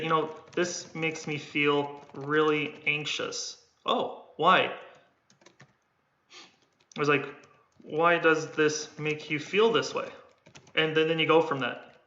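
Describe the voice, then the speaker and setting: On a casual livestream, a man coaches on sales, rambling and repeating words as he acts out different tones of voice while a keyboard clacks behind him. His voice is a little high, bright, and forceful. The room is echoey and the sound dull and lo-fi.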